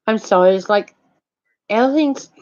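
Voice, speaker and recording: An older woman rambles through a casual monologue in a mid-range voice, halting and swearing freely. The recording sounds dull and lo-fi, as if made at home. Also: medium pitch, lively intonation, darkish tone.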